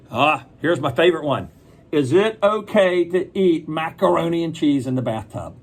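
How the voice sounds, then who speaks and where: A man's voice: fairly high pitch, lively intonation, moderate pace. A man reading a picture book aloud to children, chatting and asking them questions as he goes.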